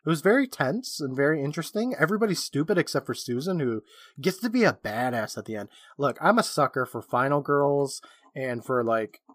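A man's voice: medium pitch, sing-song, fairly quick, fairly bright tone, no room sound. A man co-hosting a podcast, recapping a horror episode in casual chat and laughing often. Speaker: podcast co-host.

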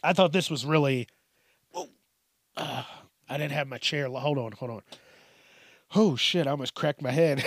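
A man hosting a casual, profane, joking news commentary from his desk at home, rambling and breaking into squeaky voices. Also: fairly bright tone, no echo, studio quality.

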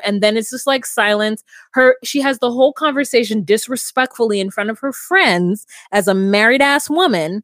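A woman co-hosting a podcast, recapping a reality show in a sassy, animated way and acting out quotes. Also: medium pitch, a little fast, no room sound, studio quality. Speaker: podcast co-host. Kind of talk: casual recap chat.

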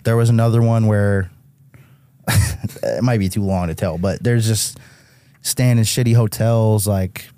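Low, mellow-voiced young man telling stories. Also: a little slow, pauses often, no echo. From Massachusetts. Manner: animated, swears often, heavy use of "like". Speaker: guest musician. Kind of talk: casual podcast storytelling.

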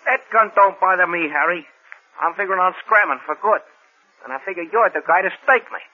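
An actor playing a cocky small-time hoodlum with rough grammar in a 1940s radio drama. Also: male voice, sits high, a little fast. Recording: dull old radio recording.

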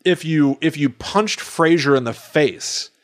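Unhurried and a little high, the man's voice belongs to a podcast co-host in casual chat. He thinks aloud as he talks, often restarting his sentences.

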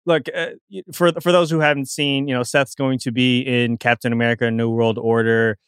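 A man's voice: medium pitch, flat delivery, fairly quick, smooth, dry recording, studio quality. A young man hosting a casual talk show, rambling along with restarts and chuckles. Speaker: show host. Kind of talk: casual wrestling talk chat.

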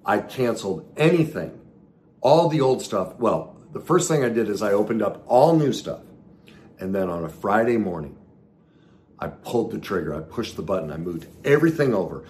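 Deep-voiced earnest motivational man. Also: big pitch swings, normal speed, slight background noise. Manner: earnest, emphatic, swings between loud and soft. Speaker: self-help speaker. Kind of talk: motivational talk to followers.

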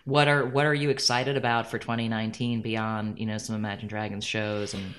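A man's voice: on the low side, flat delivery, brisk, a bit bright. A male interviewer asking questions and giving short, encouraging replies. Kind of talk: casual interview.

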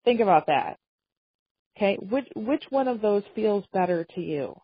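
A woman trainer giving a calm, measured talk on communication skills, acting out example phrases as she goes. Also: mid-range voice, breathy edge, no echo. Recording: dull, slightly lo-fi dry recording.

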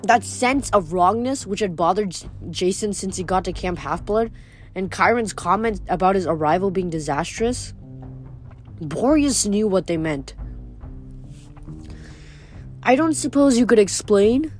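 A woman's voice: medium pitch, lively intonation, normal speed, soft background music. A woman reading a novel aloud in a plain way, often stopping to correct herself. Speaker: reader.

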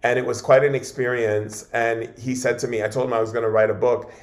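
A man, a guest in an interview, tells his stories in a loose, animated way, doubling back on words and starting phrases over. His voice sits at an ordinary middle pitch. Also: brisk, reverberant. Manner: animated, repeats and restarts words often. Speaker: guest shaman. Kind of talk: casual interview storytelling.

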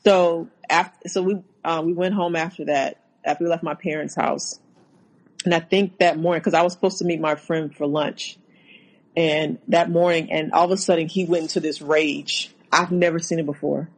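A woman, a guest on an interview show, recounting a personal story haltingly, with many restarts. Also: sits low, steady tone, low-quality recording.

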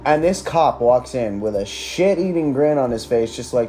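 A man's voice: mid-range voice, animated, normal speed, mellow, faint music behind. A young man hosting a podcast, telling a school story in a casual, sarcastic, profane way with lots of filler words. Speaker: podcast host.

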